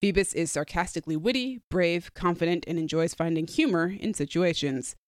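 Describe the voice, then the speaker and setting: A woman's voice: on the low side, fairly quick, no room sound, studio quality. A woman co-hosting a podcast, talking enthusiastically with many fillers about her fan casting picks. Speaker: podcast co-host. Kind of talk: casual fan-casting chat.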